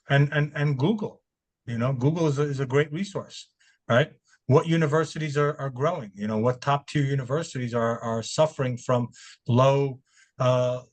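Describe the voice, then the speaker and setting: A man hosting a webinar over a video call, talking loosely and often repeating his words. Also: on the high side. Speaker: webinar host. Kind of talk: casual webinar chat.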